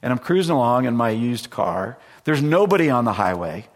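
A man's voice: mid-range voice, big pitch swings, fairly quick. A middle-aged man preaching a sermon, telling a personal story in a conversational way and acting out the voices he quotes. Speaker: pastor. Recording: long reverb from a large room.

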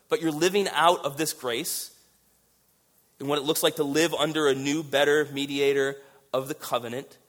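A man preaching a sermon, moving between hushed, quiet passages and loud, emphatic rises, with casual conversational asides mixed in. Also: on the high side. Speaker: pastor.

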